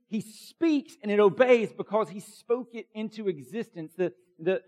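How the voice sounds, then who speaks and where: Guy preaching a sermon, pretty high voice, emphatic, chatty with lots of likes and you-knows. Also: a little mellow, muffled recording. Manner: emphatic and conversational, with many fillers. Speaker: pastor.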